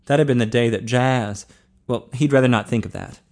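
Man narrating a novel, steady measured reading, mid-pitched. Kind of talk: audiobook narration.

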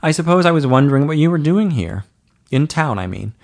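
A man voicing a wry, gentle young man. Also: fairly high pitch, fairly quick, vocal fry, voice pushed up. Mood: curious. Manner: calm and wry.

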